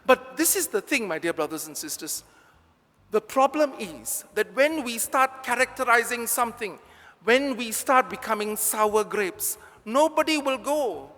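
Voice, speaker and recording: A man's voice: very high-pitched, expressive, a little slow, sharp tone, big-room sound. A priest with a Malaysian English accent, giving a chatty, joking homily straight to his congregation in a large church.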